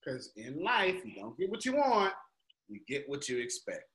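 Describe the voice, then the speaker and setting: A man leads a group call as a motivational coach, talking in an emphatic, colloquial, preachy way. His voice is bright and forward. The sound bounces around an echoey room. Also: mid-range voice, wildly swooping pitch, moderate pace.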